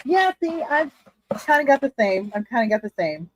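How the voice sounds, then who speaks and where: A woman's voice: high voice, sing-song, moderate pace, no echo, poor audio. A woman hosting a casual livestream from her living room, chatting candidly with viewers, laughing often and swearing freely. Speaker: livestream host reading chat. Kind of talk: casual chat.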